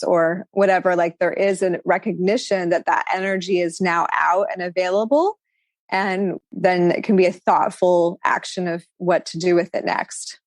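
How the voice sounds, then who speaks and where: A woman with a lower voice speaks as a podcast guest, musing in long flowing thoughts. Her talk is reflective and spiritual, full of casual fillers. The sound is dry and close. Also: steady tone, normal speed, dry recording. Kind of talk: casual conversational interview.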